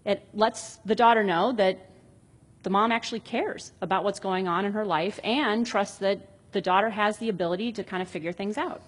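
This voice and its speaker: A woman in her thirties talks through parenting advice in a relaxed, explanatory way. Her voice is husky with a breathy edge, and her pitch sits in a middle range for a woman. She often reads short example dialogues aloud in a reflective, conversational tone. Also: moderate pace. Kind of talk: casual explanatory talk on parenting.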